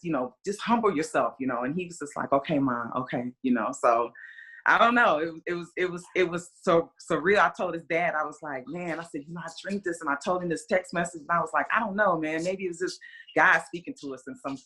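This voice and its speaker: A woman in her forties tells a story with a lower voice and a forceful, bright edge. She rambles with plenty of "you know" and "kinda," and breaks into livelier voices whenever she acts out what people said. The talk is a loose, chatty guest interview. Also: fairly quick, husky. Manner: animated, re-enacts conversations in quoted voices. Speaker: guest, mother of a player.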